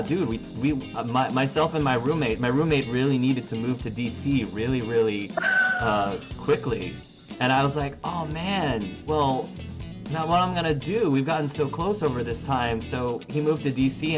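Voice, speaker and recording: A man's voice: medium pitch, close to an everyday voice. A man playing a chatty, easygoing young male guitarist in a tabletop role-play, rambling with lots of fillers. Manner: casual, rambling, drawn-out filler words. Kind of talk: tabletop role-play over phone call.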